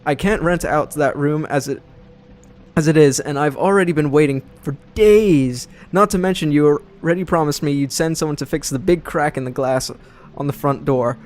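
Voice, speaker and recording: A man's voice: a little high, normal speed, a little mellow, close to an everyday voice. A young man reading out a grumpy male landlord's complaint letter in a half-hearted put-on voice. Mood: exasperated. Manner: failed attempt at a posh voice, exasperated.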